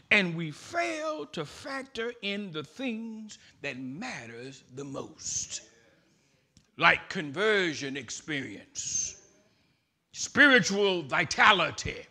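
Pastor guy preaching slow, high bright voice, big swings from hushed to shouting. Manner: builds to shouted emphatic preaching. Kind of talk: sermon. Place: church.

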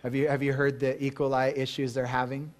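A man's voice: medium pitch, little pitch movement, a little fast. A male pastor preaching a sermon in a church, talking casually to the congregation, asking them questions and acting out the voices in his stories.

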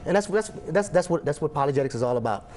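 A man's voice: a little high, lively intonation, a little mellow. A man hosting an interview, asking questions and telling stories in an emphatic, repetitive way. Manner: brisk, emphatic, repeats words. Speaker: host, apologist.

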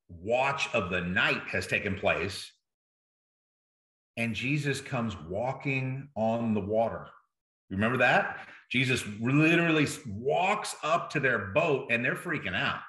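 A man's voice: medium pitch, pushed and bright, reverberant. A man preaching a sermon as a pastor, in a conversational way that keeps checking in with the listeners. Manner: conversational, checks in with "right?" and "okay?".

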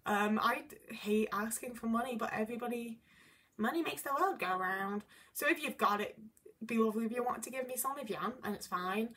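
A woman's voice: on the high side, fairly quick, sharp tone, slight background noise. A young woman talking candidly to camera in a casual vlog, rambling and filling her speech with "like". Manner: candid, rambling, frequent "like" fillers. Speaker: YouTuber.

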